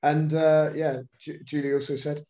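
A man's voice: a little high, completely flat delivery, moderate pace, dark tone. A man co-hosting a podcast in casual chat, wry and blunt. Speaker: podcast co-host.

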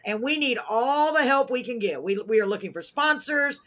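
Excitable woman hosting a show. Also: on the high side, moderate pace. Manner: excitable, goofy, rambling with self-corrections. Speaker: host of a live radio and web talk show. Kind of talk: casual live show chat.

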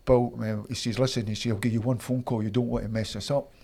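A Scottish man in his fifties, a former footballer, telling lively anecdotes in a casual interview and acting out the people he quotes. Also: medium pitch, fast talker, gravelly. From Scotland. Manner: animated anecdotes, acts out quoted voices.

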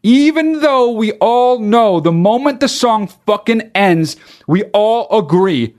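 A man on a comic tirade, swearing freely and sounding exasperated. His voice sits a bit high and swings widely up and down as he rants, now and then breaking into mock singing. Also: sing-song, takes it slowly, hardly any pauses, darkish tone. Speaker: comedian. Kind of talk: stand-up style comic rant.

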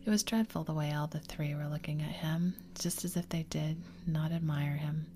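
A woman reading a classic children's story aloud in a steady whisper. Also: sits low, normal speed, few pauses, slight background noise. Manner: whispered throughout.

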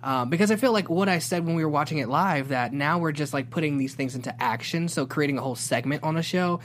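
A woman co-hosting a casual chat in a relaxed, low-key way, often trailing off. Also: fast talker, slight background noise.

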